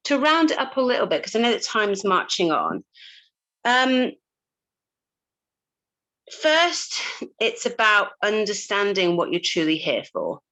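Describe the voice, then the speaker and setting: A woman's voice: medium pitch, fairly bright tone, rough recording. A woman coach talking casually to a group, chatty, with frequent laughs and fillers and casual swearing. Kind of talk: casual talk to a live group.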